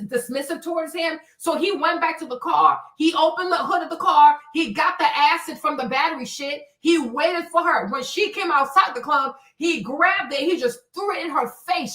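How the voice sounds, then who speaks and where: A woman hosting a casual livestream, telling stories in an animated, slangy way and acting out the exclamations. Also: high voice, roomy sound, far from the mic. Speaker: livestream host. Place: home, in D.C.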